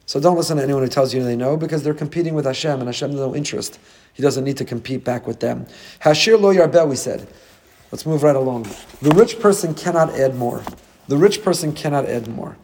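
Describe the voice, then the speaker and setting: A man's voice: mid-range voice, fairly quick, darkish tone, husky. A man teaching a Torah class as a rabbi, delivering an emphatic sermon full of rhetorical questions. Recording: long hall reverb.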